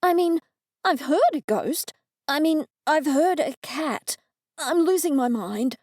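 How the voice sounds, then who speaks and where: A woman's voice: sits high, animated, slow, darkish tone, no room sound, studio quality, pitched above the performer's own voice. A woman voicing a sixty-year-old heroine who sputters and shrieks in agitation. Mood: panicked.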